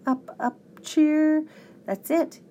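A woman's voice: medium pitch, animated, slow pace, mellow, slight background noise. Woman playing a flustered hiccuping professor. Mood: rousing. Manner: hiccuping, exclamatory and rousing. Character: fussy, flustered male professor.

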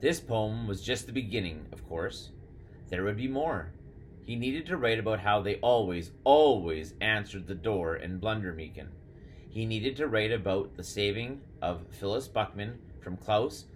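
A man narrating an audiobook in a steady, measured storytelling manner. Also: on the low side, a little hiss or hum. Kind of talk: scripted narration.

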